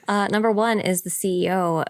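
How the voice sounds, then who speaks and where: A woman co-hosting a casual gaming podcast, playful and giggly, reading news items in a relaxed way. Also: medium pitch, no echo, clean studio sound. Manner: playful, laughs between remarks, reads news casually. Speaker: podcast co-host. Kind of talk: casual chat.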